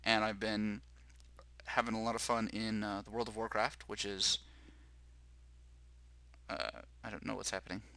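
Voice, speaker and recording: A man hosts a casual podcast with a bright, forceful voice sitting a little low in pitch. He rambles and jokes at his own expense, loose and chatty. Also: level tone, moderate pace, long pauses, no room sound, poor audio. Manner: joking, self-deprecating, rambling. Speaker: podcast host.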